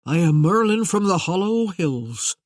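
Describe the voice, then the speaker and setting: A gruff squatter calling himself Merlin, as the narrator puts him on, speaking a little higher and louder than the narration, proud and grandiose, in a short, clipped, rough way of talking. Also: normal speed, no echo, clean studio sound, close to an everyday voice.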